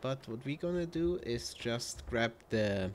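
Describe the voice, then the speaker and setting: A man talks slowly through a farming game, pausing often with ums and uhs. His voice sits at an ordinary middle pitch, and steady engine noise hums clearly under his words. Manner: rambling, many ums and uhs. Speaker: gameplay video host. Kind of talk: casual gameplay commentary.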